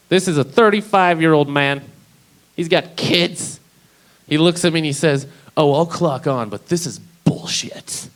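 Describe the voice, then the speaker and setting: A man's voice: a little high, poor audio. A man doing a stand-up comedy set, talking in a rambling, profane, conversational way.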